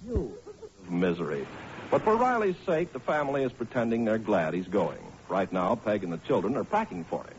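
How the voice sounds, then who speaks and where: A male announcer narrating a radio show in a smooth, measured way. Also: lowish voice, sing-song, a little hiss or hum. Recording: lo-fi old radio broadcast.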